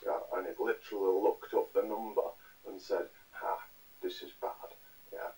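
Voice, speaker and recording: A man with a low voice speaks haltingly, often restarting his words. He sounds far from the mic in a played recording. Faint noise and clicks run underneath. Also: fairly even intonation, dark tone. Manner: halting and tentative. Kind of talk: recorded lecture clip.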